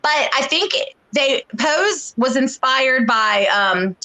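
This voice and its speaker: A woman co-hosting a casual show chat, talking in a chatty, animated way and acting out quoted lines when she retells a story. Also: high-pitched, slow pace, gravelly, rough recording. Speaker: co-host.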